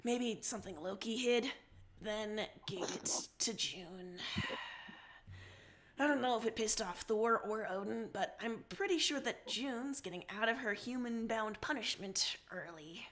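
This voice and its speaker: Slow, higher-voiced woman co-host reading. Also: a bit bright, slight background noise. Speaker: livestream co-host reading character lines. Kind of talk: casual read-aloud of story dialogue.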